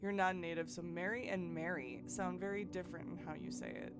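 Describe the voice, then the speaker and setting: A woman's voice: lowish voice, expressive, a little fast, very noisy. A woman streaming a puzzle game live, thinking aloud and chatting with her viewers, with frequent restarts. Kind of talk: live gameplay commentary.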